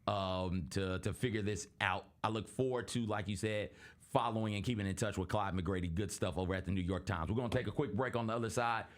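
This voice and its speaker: Earnest low-voiced male talk host. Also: fairly quick. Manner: earnest, storytelling, acts out quoted voices. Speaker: podcast host. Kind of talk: casual sports talk show chat.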